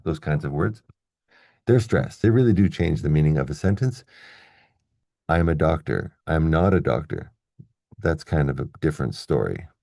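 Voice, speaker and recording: A man's voice: a bass voice, vocal fry, dark tone, no room sound, clean studio sound. A man teaching English pronunciation, patiently explaining a lesson and spelling out each word in turn.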